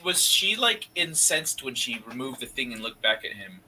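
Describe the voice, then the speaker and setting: Bright-voiced man, blunt and mocking. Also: medium pitch, big pitch swings, moderate pace, husky, low-quality recording. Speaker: panel guest. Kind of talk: casual live stream chat.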